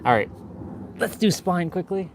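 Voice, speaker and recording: A man's voice: sits high, very animated, a little slow, noisy background. A young man in casual chat while working out, joking and swearing loosely, repeating himself, a bit winded between sets. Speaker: fitness vlogger.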